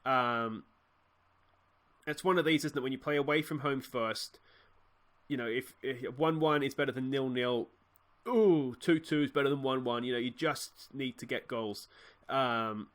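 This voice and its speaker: A man's voice: mid-range voice, measured pace, a bit bright. A young man with an Australian accent, commentating his football management game in a rambling, frustrated way with many restarts. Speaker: let's play host.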